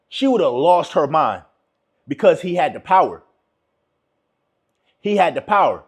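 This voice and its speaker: A man comments on a clip and hands out relationship advice. His voice is high and husky. He repeats his points like a preacher and acts out what others might say. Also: sing-song, a little slow, long pauses. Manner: preachy, repetitive, acts out quotes.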